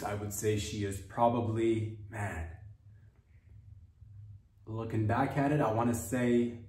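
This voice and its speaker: Rambling man in echoey room. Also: medium pitch. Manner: rambling, animated, swearing. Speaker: podcast host. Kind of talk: comedic storytelling. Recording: echoey room, distant mic.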